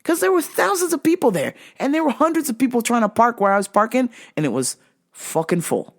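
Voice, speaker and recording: A woman's voice: a little high, sing-song, a little fast. A woman hosting a talk show, ranting in a profane, emphatic, comic way and laughing through her stories. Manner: foul-mouthed, emphatic, repeats "okay?". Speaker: show host. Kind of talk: profane comedic rant.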